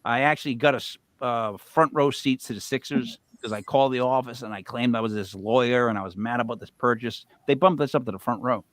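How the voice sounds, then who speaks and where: A middle-aged man co-hosting a live show, telling a long casual story in a rambling, animated way, swinging between loud bursts and mutters. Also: mid-range voice, a little fast, hardly any pauses, dry recording. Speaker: co-host.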